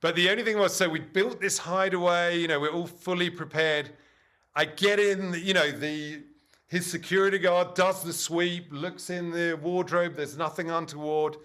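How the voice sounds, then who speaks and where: A man's voice: high-pitched, moderate pace. A man from England telling a comic anecdote as an interview guest and acting out the other people's lines. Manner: animated storyteller who acts out other people's lines.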